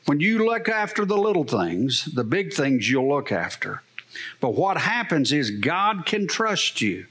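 Bright-voiced pastor preaching slowly. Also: male voice, mid-range voice. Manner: storytelling preacher, rhetorical questions, calls for amen. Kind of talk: sermon.

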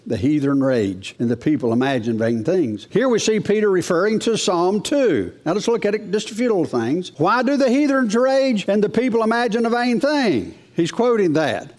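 Middle-aged man, high pitch; folksy preacher delivering a sermon, quizzing the congregation. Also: lively intonation, moderate pace, hardly any pauses, darkish tone. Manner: folksy, rhetorical questions, reads scripture aloud.

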